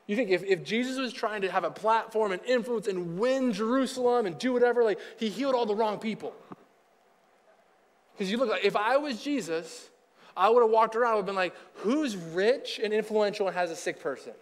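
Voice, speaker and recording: Young male pastor with a high voice, chatty delivery, recorded in a reverberant hall. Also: brisk. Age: young adult. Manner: casual, conversational, acts out quoted people. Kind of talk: sermon. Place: church hall. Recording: hall reverb with faint music.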